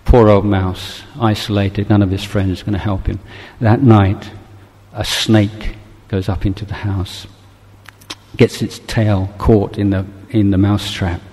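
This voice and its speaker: A man giving a Buddhist dharma talk, telling a story in a gentle, halting, reflective way. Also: on the low side, little pitch movement. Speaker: Buddhist teacher. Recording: long hall reverb.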